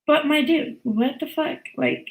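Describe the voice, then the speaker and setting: A woman's voice: high voice, a little slow, reverberant, low-quality recording. A woman in her thirties hosting a live boxing talk stream, chatting casually and bluntly, swearing freely and laughing often.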